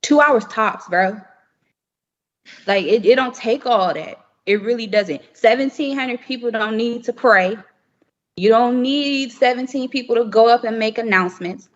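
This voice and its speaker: A woman's voice: a little high, a little slow. A young woman talking candidly and emphatically in a casual chat, often laughing. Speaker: podcast guest. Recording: muffled remote audio with long reverb.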